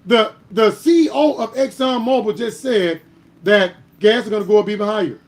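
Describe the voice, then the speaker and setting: A man with a strikingly high voice hosts a political commentary stream. He argues with heat, climbing into louder bursts and pinning down each point with a pointed "All right?". His delivery is emphatic and argumentative. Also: moderate pace. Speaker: host.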